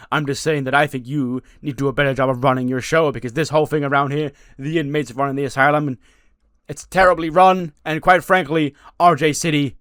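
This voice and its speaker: A man voicing a brash, furious male wrestling champion who shouts and stammers in outrage. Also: medium pitch, no room sound, clean studio sound, natural voice.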